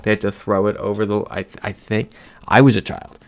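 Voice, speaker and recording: A man's voice: on the low side, level tone, fairly quick, vocal fry. A young American man chatting casually on a live stream, reading out chat messages as he plays. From United States.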